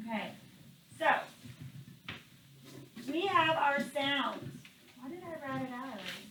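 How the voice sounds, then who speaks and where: A woman's voice: high voice, expressive, unhurried, pauses often, bright, forceful tone. A woman teaching a phonics lesson to a class, patient and coaxing as she asks the children questions. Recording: echoey classroom, far from mic, background noise.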